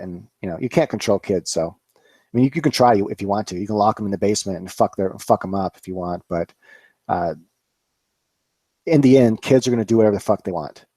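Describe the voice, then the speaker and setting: A man in his forties hosts a loose live-stream chat, rambling with many fillers and frequent swearing. His voice sits low and dark. The room sounds dry and close. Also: dry recording. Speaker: cannabis grower, channel host.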